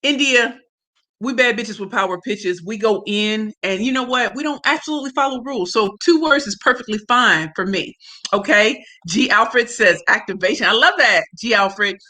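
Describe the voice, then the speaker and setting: A woman hosting a casual livestream, talking in an effusive, slangy way. Her voice is bright, a little higher than most women's, and has a forceful edge. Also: moderate pace. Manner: effusive, greets viewers by name and reads comments aloud; slangy and emphatic. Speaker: livestream host.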